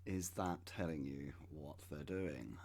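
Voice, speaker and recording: A man in his thirties with a deep, low-pitched voice talks slowly as he reads web pages aloud. He breaks off now and then with dry, sarcastic remarks, in the manner of a channel host giving a commentary. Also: a little mellow. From United Kingdom. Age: 30s. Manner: wry, sarcastic asides.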